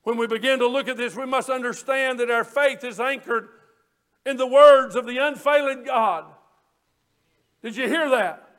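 Man preaching, very high-pitched voice, fervent, hollers at times, repeats phrases for emphasis. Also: normal speed, fairly bright tone. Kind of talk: sermon.

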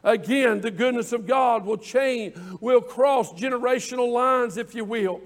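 Preacher guy, really high voice, folksy, gets loud and drawn out on the big words. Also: measured pace. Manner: folksy, stretches key words, builds to loud exclamations. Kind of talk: evening sermon.

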